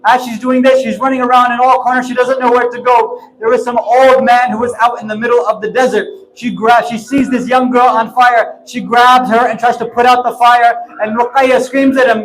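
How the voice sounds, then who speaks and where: A man delivers a mourning sermon, his voice sitting very high yet held to a narrow, flat line. He tells the story while crying, pushing through sobs with impassioned urgency. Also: normal speed, hardly any pauses. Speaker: preacher.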